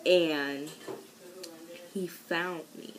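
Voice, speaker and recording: A young woman chats through a story for her vlog in a lowish voice. She is lively and animated, and her pitch leaps whenever she acts out what someone said. Faint noise sits in the background. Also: extremely slow, rough recording. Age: young adult. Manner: chatty and animated, acting out quoted voices with big pitch jumps. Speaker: vlogger.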